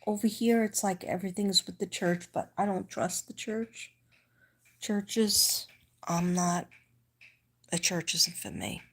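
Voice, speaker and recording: Middle-aged woman, new york accent, lowish voice, rambling livestream chat, slips into whispers. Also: moderate pace, vocal fry, breathy edge. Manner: rambling, restarts, drops into whispers. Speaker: livestream host. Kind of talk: casual livestream chat with viewers.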